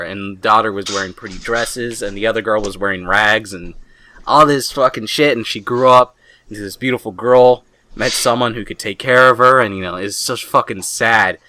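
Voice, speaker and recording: A young man co-hosting a podcast in casual chat, rambling excitably and swearing a lot. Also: lowish voice, no room sound. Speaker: podcast co-host.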